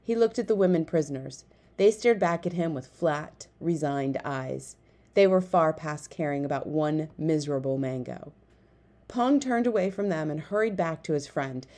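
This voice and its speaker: A woman narrating an audiobook, reading the story in a lively way and switching voices for each character. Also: low-pitched, moderate pace.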